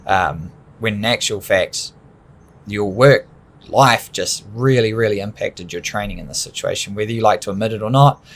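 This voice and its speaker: Low-voiced man co-hosting a podcast. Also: normal speed. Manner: animated, rambling explanations with laughs. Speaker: podcast co-host. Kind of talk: casual coaching chat.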